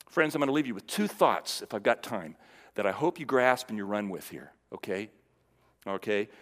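A man preaching a sermon in a conversational way, asking the audience questions and dropping from loud emphasis to near-whispered lows. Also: long reverb tail. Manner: conversational, with fillers and restarts, asks the audience questions.

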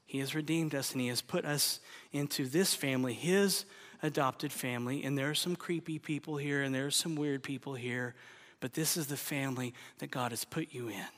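A man preaching a sermon as pastor, emphatic, swinging between loud exhortation and hushed appeals. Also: fairly high pitch, big-room sound.

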